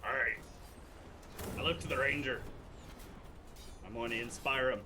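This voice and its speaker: A man's voice: medium pitch, steady tone, normal speed, long pauses, sharp tone, recorded from a distance, a little hiss or hum. A man playing at a tabletop game, growling "arr" before his lines in a pirate way. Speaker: player.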